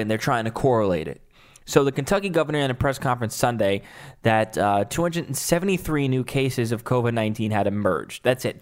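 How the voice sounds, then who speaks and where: A man hosting a podcast, ranting in a heated, profane way. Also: mid-range voice. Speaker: podcast host. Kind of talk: angry political podcast rant.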